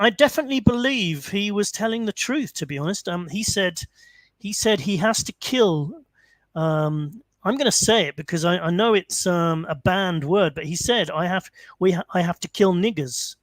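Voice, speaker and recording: Male call-in host, high-pitched, close dry mic, loose storytelling. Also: expressive, normal speed, fairly bright tone, no room sound. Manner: rambling, many fillers and restarts. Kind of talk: casual storytelling.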